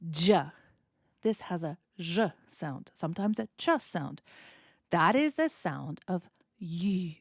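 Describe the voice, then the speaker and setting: American woman explaining speech, lively pitch. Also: no room sound, studio quality. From United States. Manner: clear, explanatory, demonstrates sounds with exaggerated intonation. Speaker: English teacher, podcast host. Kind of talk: podcast lesson.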